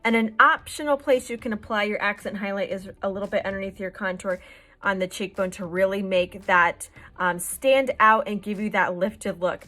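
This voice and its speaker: A woman's voice: medium pitch, normal speed, sharp tone. A woman hosting a makeup tutorial, explaining each step in a chatty, reassuring way. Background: faint background music.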